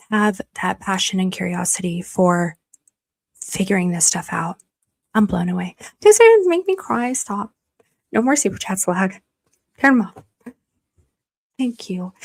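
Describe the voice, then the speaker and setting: A woman's voice: medium pitch, breathy edge, no echo. A woman hosting a casual livestream, reading viewer super chats, gushing and emotional, often trailing into a whisper. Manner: gushing and emotional, many restarts, drops to a whisper. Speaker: livestream host.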